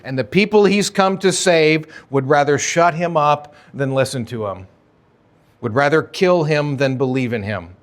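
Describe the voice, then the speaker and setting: A man's voice: on the high side, unhurried. A man preaching a sermon as pastor of a church, conversational and emphatic, with sudden rises and drops in energy. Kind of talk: expository sermon. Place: church sanctuary.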